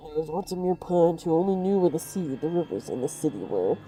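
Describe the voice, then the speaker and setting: Muffled grave man as a woman puts him on, low and solemn, slow archaic speech, quiet. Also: lively intonation, a little hiss or hum. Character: grave, soft-spoken man of a scattered league. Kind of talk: reading game dialogue aloud.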